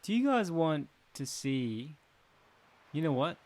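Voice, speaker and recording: A man's voice: a little high, big pitch swings, slow, darkish tone. A man casually commenting as he plays a video game, chatting to his viewers and joking along. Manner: chatty, talks to viewers, jokes and laughs. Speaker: gaming channel host. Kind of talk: casual let's play commentary.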